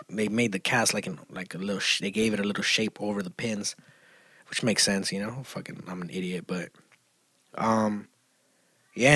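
A man talks through a story in loose, profane slang, restarting sentences and piling on filler words. His voice is slightly husky, and the recording is dry and close. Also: on the low side, dry recording. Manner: profane slangy storytelling, grows loud and animated. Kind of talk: casual chat.

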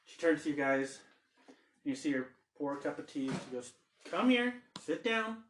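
A man's voice: medium pitch, flat delivery, fairly quick, reverberant, slight background noise, poor audio. A man narrating a tabletop game as game master, loose and chatty with many fillers.

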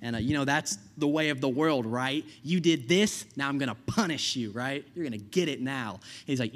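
A man's voice: mid-range voice, moderate pace, fairly bright tone. A young man preaching a sermon in a casual, conversational way, often checking in with "right?" and laughing at his own stories.

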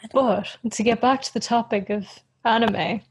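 Slightly high and a bit rough, a woman's voice drifts through a relaxed podcast conversation where she's a co-host. She's giggly and rambling, frequently making fun of herself.

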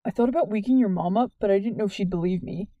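A woman reading the part of an earnest, worried teenage boy who talks softly and sincerely in an audiobook. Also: medium pitch, fast talker, no echo, phone-quality sound, natural voice. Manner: soft, plain and sincere.

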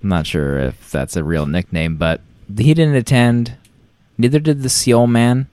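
A man's voice: mid-range voice, measured pace, darkish tone, no echo, studio quality. A man in his thirties, a podcast co-host, chatting casually and rambling through anecdotes with many restarts. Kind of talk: casual chat.

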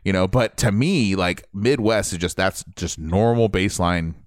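A young man from Ohio chatting casually as a podcast co-host, animated and talkative. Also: deep voice, normal speed, no room sound, studio quality. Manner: animated, chatty, says dude and man a lot. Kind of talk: casual chat.

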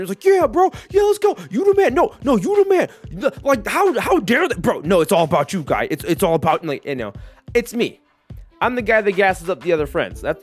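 A man hosting a casual solo podcast, rambling with lots of fillers and jokey asides. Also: medium pitch. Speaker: podcast host.

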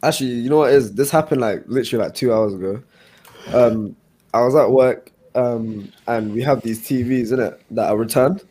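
A man chatting casually with friends, telling a slangy anecdote with quick asides. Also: medium pitch, warm tone, breathy edge. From India. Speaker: podcast co-host. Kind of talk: casual chat.

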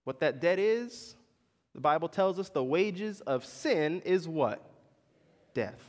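A man's voice: on the high side, lively intonation, slow pace, a little mellow. A man preaching a sermon in a church, talking casually and putting questions to the congregation. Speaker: pastor. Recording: long reverb in a large hall.

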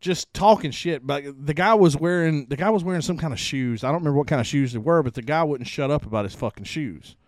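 A man's voice: on the high side, fast, hardly any pauses, dry recording. A man, hosting a podcast and telling profane, laughing stories in casual chat. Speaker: podcast host.

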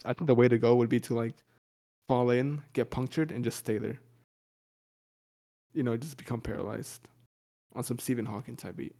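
A man's voice: fairly even intonation, normal speed, gravelly, pauses often, dark tone. A man co-hosting a podcast in crude, casual banter, laughing often and joking loosely. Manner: laughs often, loose and joking, slips into silly high voices. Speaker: podcast co-host.

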